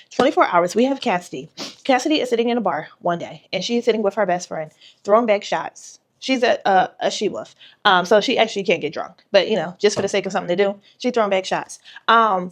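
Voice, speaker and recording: A woman's voice: medium pitch, lively intonation, fairly quick. A woman author giving a casual vlog tutorial, retelling a story animatedly with quoted voices.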